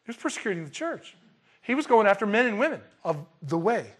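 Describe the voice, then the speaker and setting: A man preaching a verse-by-verse Bible sermon in an animated, colloquial way, with emphatic bursts. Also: high-pitched, quick pace, husky. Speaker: pastor.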